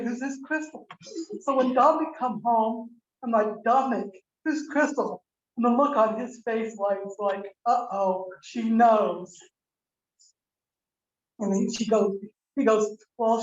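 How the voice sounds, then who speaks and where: An older woman with a slightly high voice speaks at a memorial service, rambling candidly through a family story and acting out each back-and-forth of dialogue. The sound is roomy and muffled, picked up from across a hall through a video call. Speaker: mourner giving a eulogy.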